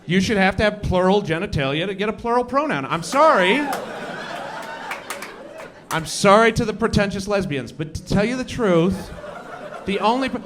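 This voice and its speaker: A man's voice: high voice, lively intonation, moderate pace, background noise. A man doing a live stand-up set in a comedy club, swearing freely and talking to the crowd in rhetorical asides. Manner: profane, conversational, rhetorical asides. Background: audience laughter.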